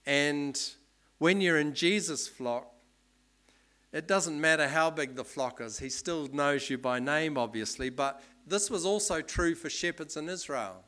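A man giving a sermon in a relaxed, explanatory way, with many ums and restarts. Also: fairly high pitch, measured pace. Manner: conversational, explanatory, with fillers. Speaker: preacher.

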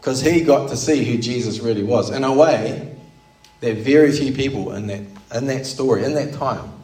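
A pastor preaches an earnest, explanatory sermon, posing rhetorical questions along the way. His medium-pitched voice is darkish and moderately paced. He's recorded from a distance, sitting back from the mic in a roomy space that echoes.

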